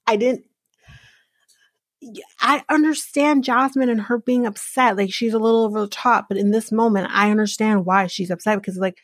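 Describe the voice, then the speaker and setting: A woman's voice: on the high side, very animated, normal speed, dry recording, clean studio sound. A woman hosting a podcast, recapping a reality show in blunt, sarcastic, profane casual chat. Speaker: podcast host.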